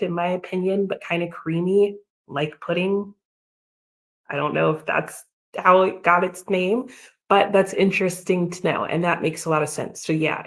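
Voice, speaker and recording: An American woman hosting a casual reading livestream, chatting about her book and reading out and answering viewer comments. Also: lowish voice. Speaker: livestream host. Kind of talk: casual readalong chat.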